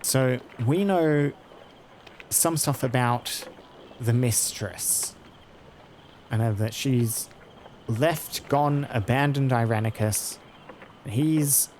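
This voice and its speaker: A man's voice: medium pitch, a little mellow, a little hiss or hum. A man chatting casually while playing through a video game, musing aloud about the story. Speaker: let's play host. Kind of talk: casual gameplay commentary.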